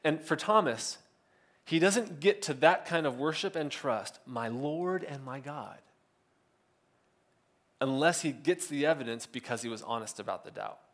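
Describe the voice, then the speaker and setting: A man's voice: on the high side, expressive, normal speed, a bit bright. A male pastor, giving a casual, conversational sermon and briefly acting out quotes. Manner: conversational, self-correcting, acts out biblical quotes.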